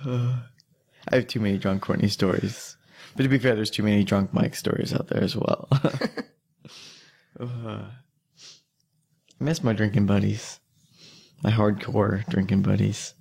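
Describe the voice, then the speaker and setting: A man's voice: on the low side, fairly even intonation, unhurried, vocal fry, pauses often, darkish tone, breathy edge. A young man telling a long drinking story in casual chat, rambling, swearing and laughing as he goes.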